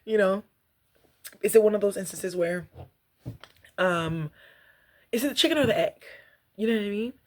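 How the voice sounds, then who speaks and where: A young woman vlogging casually about rejection, chatty and animated, laughing often and reading aloud. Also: medium pitch, moderate pace, long pauses. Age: young adult. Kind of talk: casual reflective vlog.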